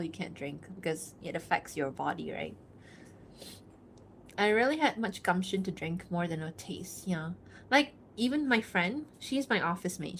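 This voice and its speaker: A woman livestreaming while she draws, casually reading out and answering chat, chatty and quick to giggle, thinking aloud with fillers. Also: fairly low pitch, a bit bright, slight background noise. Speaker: livestreaming artist.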